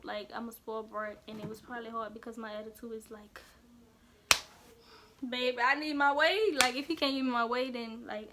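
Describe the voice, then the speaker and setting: A woman's voice: fairly high pitch, noisy background. A young woman, telling a casual storytime vlog in a chatty way, full of "like". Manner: casual, chatty, fillers of "like" throughout. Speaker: vlogger.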